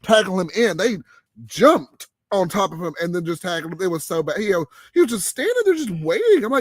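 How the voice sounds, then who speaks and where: Guy hosting a late night chat, gets real animated, dry close mic. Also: brisk, husky, no room sound. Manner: animated, exclaims with big pitch jumps when excited. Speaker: podcast host.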